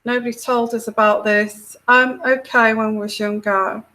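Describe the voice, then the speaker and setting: A woman's voice: on the high side, flat delivery, moderate pace, pushed and bright, low-quality recording. A middle-aged woman with a British accent hosting a casual tarot livestream, chatting and reading out viewer comments in a meandering, hesitant way full of fillers.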